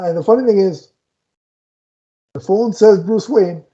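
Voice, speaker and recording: A man's voice: high voice, moderate pace, mellow, dull audio. A man co-hosting a casual film review, retelling scenes with lots of restarts and fillers. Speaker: podcast co-host reviewing a film.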